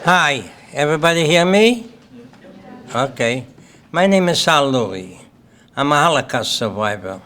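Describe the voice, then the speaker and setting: A man's voice: fairly high pitch, animated, unhurried, pauses often, a bit bright, slight background noise. Older man with a Lithuanian accent. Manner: plain-spoken, repeats "okay?" to the audience. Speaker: Holocaust survivor speaker. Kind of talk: personal testimony talk. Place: symposium hall.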